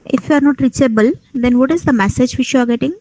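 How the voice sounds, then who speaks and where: A woman teacher, firing brisk, probing questions at students in an oral lab exam over a video call. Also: sits high, a little mellow, no room sound, poor audio. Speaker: teacher conducting a lab viva.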